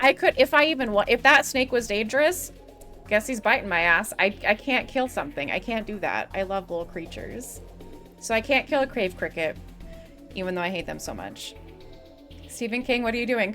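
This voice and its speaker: A woman's voice: a little high, expressive, moderate pace, bright, forceful tone, soft background music. A young woman from the US Midwest streaming a game, rambling in casual chatter that is giggly and full of swearing.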